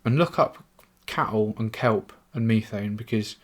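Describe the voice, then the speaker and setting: In a lowish, unhurried voice, a young Englishman podcasts solo. The casual monologue rambles, turns the jokes on himself, and contains plenty of swearing.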